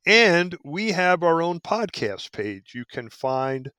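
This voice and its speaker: A man's voice: a little high, very animated, takes it slowly, bright, forceful tone, smooth, no room sound. A man hosting a podcast, wrapping up the show in a chatty, jokey way. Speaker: podcast host. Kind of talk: casual podcast talk.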